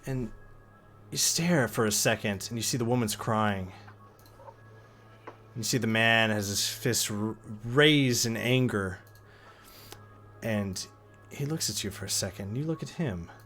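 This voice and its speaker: A man narrating a tabletop fantasy game as game master, in slow dramatic storytelling. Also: fairly low pitch, fairly bright tone, soft background music.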